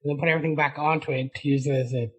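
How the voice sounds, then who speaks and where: A man's voice: on the high side, fairly even intonation, racing, husky, rough recording. A man on a casual podcast, telling rambling stories and laughing often. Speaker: podcast host.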